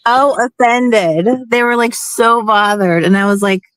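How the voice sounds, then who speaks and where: A woman's voice: mid-range voice, unhurried, a bit bright, clear, resonant tone, no room sound. A young woman hosts a casual chat with a feminine, youthful voice. She rambles from one story to the next and laughs often. The sound is close and dry, with no room in it.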